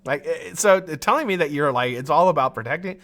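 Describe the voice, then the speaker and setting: A frustrated man hosting a live stream rants and curses freely, restarting his sentences and laughing at his own jokes as he rambles. His voice is on the high side, animated and slightly bright, and he speaks fairly quickly.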